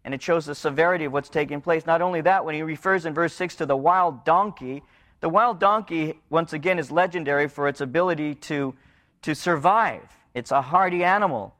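A middle-aged male pastor preaching a sermon in a church, rising into pleading passages and dropping into low, hushed ones. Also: a little fast.

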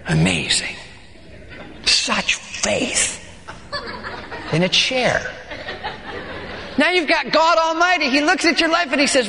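A man preaching a sermon in an animated way, reading scripture and acting out the voices of the people in it. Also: extremely high pitch, slow, gravelly, long pauses, reverberant, big-room sound, noisy background. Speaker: pastor.

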